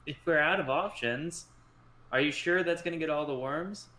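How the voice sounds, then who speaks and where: A man playing a tabletop game, briskly planning out loud with the group. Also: a little high. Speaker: player. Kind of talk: casual tabletop game chat. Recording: echoey room.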